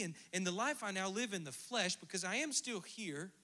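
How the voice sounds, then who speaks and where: A man preaching a sermon, swinging from hushed asides to emphatic, rhythmic declarations. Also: sits high, moderate pace. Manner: animated preaching, dropping to near-whispers and rising to emphatic bursts. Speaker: pastor.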